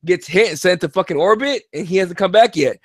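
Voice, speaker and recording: A tired man co-hosting a casual sports podcast, talking in a profane, animated and rambling way. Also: sits high, a little fast, dry recording, studio quality. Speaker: podcast co-host.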